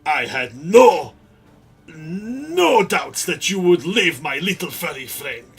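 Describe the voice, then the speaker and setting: A man's voice: on the high side, very animated, gravelly, husky, full character voice. A man voicing a big, earnest, simple-minded male warrior who speaks grandly of himself. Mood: proud. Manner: grand, halting third-person speech.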